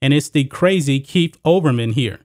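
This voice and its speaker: A man's voice: medium pitch, expressive, normal speed, a little mellow, no room sound, studio quality. A man hosting a solo sports commentary show, talking casually to his viewers as guys and folks.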